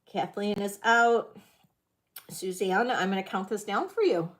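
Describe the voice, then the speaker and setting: A woman's voice: mid-range voice, animated, a little slow. A middle-aged woman hosting a live vintage jewelry auction, talking in a chatty, scattered, self-deprecating way to her viewers. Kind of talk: casual live-stream selling chat.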